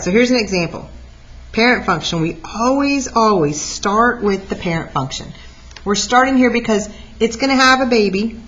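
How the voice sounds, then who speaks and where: Lively woman teaching math, lo-fi. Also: medium pitch. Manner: lively, talks through steps aloud. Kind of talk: recorded math lesson. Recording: dull lo-fi recording.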